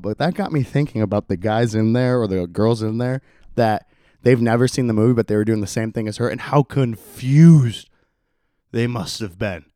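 A man's voice: lowish voice, dark tone, no echo, studio quality. A young man hosting a solo podcast in a casual, rambling way, laughing often and saying "like" a lot. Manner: rambling, laid-back, laughs often, says "like" constantly. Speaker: podcast host.

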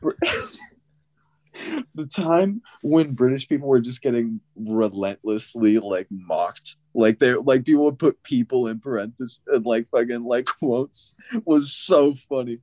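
A man's voice: medium pitch, slow pace, warm tone. An American man in casual podcast chat, rambling with many fillers and laughs. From United States.

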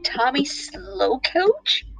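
A woman voicing a boastful young male hare who giggles and brags in a high, bouncy voice. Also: sing-song, takes it slowly, faint music behind, full character voice, rough recording. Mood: teasing.

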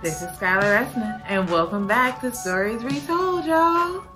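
A woman hosting a book podcast, chatting casually and reading a summary aloud, animated and quick to laugh at her own slips. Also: on the high side, music in the background. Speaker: podcast host.

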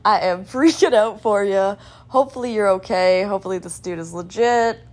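A woman's voice: mid-range voice, moderate pace, a little mellow. A young woman hosting a casual podcast, rambling in a scattered, chatty way with lots of "like" and "um". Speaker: podcast host.

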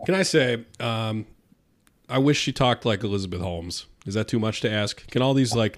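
A man's voice: fairly low pitch, normal speed. A man co-hosting a comedy podcast, joking and riffing playfully in casual chat. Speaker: podcast co-host.

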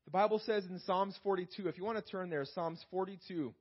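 A man preaching a sermon in church, calling out to the congregation and slowing down to read scripture aloud. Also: sits high, muffled recording. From Canada. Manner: preaching with call-outs to the congregation. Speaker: pastor.

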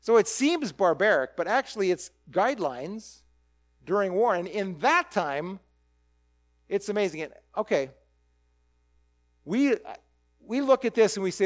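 High-voiced man preaching. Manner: animated, asks rhetorical questions, acts out quick quoted voices. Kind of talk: conversational sermon.

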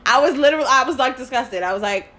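A woman's voice: sits high, racing. Woman telling a story. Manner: animated storytelling, swearing, laughing, acting out quotes. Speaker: podcast co-host. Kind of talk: casual storytelling chat.

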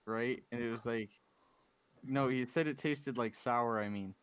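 A man's voice: mid-range voice, unhurried, fairly bright tone, smooth, no room sound. A young man co-hosting a podcast, telling a rambling story in casual chat with restarts and giggles. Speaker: podcast co-host.

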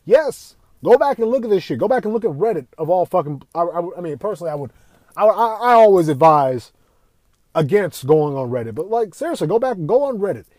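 A man's voice: high-pitched, sing-song, brisk, darkish tone, no echo. A young man ranting as a podcast host, swearing constantly, repeating himself and firing rhetorical questions. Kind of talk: profane opinion rant.

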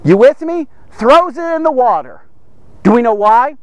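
A man's voice: extremely high pitch, moderate pace, no room sound. A man giving a casual Bible teaching, often checking in with "okay?" and acting out the people in the story. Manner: keeps checking in with "okay?" and "here's the thing"; animated, acts out the people in the story. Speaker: devotional podcast teacher.

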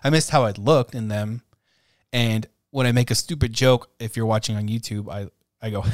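A man's voice: mid-range voice, darkish tone, no room sound, studio quality. A man co-hosting a casual podcast, talking in a laid-back, self-deprecating way and laughing often. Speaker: podcast co-host.

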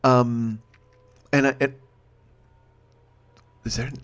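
A man's voice: mid-range voice, flat delivery, takes it slowly, a bit bright. A man of fifty ranting in a solo monologue, rambling and self-deprecating, swearing often. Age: 50s. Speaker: podcast host. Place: home, recording late at night.

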